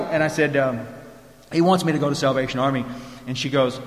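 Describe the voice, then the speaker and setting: A man's voice: a little high, a little fast. A man telling a personal recovery story to a group, drawling and restarting his sentences often. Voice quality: drawling, lots of restarts and repeated words. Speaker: recovery speaker. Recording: echoey hall with long reverb.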